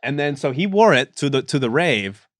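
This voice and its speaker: A man's voice: mid-range voice, animated, normal speed, dry recording, studio quality. A man guesting on a podcast, telling rambling laid-back stories full of fillers. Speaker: podcast guest, reality show contestant. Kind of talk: casual chat.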